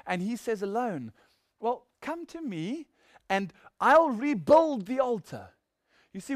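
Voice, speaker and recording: A man's voice: high-pitched, no room sound, studio quality. A man preaching a sermon, reading scripture and asking rhetorical questions with mocking asides.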